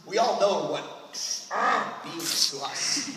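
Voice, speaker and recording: A man in his fifties hosting a comedic writing panel at a convention, acting out squeaky comic voices. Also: wildly swooping pitch, slow, pauses often. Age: 50s. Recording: echoey hall from far off with loud noise.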